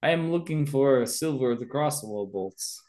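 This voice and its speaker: Male player, unhurried casual speech, mid-pitch. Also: animated, darkish tone. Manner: hesitant, casual. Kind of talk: casual tabletop play.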